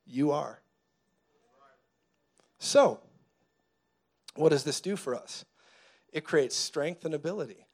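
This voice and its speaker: A man's voice: on the high side, expressive, takes it slowly, pauses often. Fervent man preaching a sermon. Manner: dramatic storytelling, builds to loud fervent preaching. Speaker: pastor.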